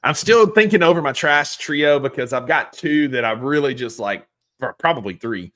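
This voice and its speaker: A man's voice: mid-range voice, expressive, normal speed, a bit bright. A man co-hosting a casual podcast chat, enthusiastic, laughing often and agreeing along. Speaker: podcast co-host.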